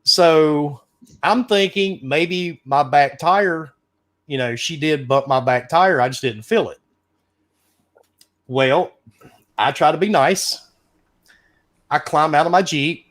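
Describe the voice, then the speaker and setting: A middle-aged man, casually telling a profane, animated story as a podcast host. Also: a little high, takes it slowly, long pauses. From American South.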